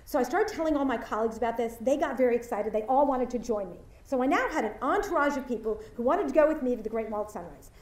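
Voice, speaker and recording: High-voiced woman speaking in an echoey hall. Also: fast, hardly any pauses, distant mic. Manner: animated storyteller acting out quoted voices. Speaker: commencement speaker. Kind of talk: storytelling speech.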